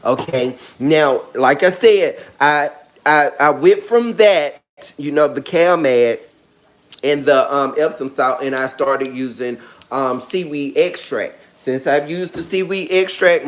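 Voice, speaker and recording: A man's voice: fairly high pitch, slow pace. Sassy, chatty man giving orchid tips. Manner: sassy, chatty, calls viewers girl and honey; playful, dramatic asides. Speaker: orchid care vlogger. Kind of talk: casual how-to vlog chat.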